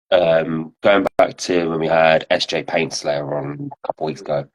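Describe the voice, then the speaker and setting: Deep husky male podcast host. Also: expressive, unhurried, highs cut off. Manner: asks long, rambling questions. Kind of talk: casual podcast chat.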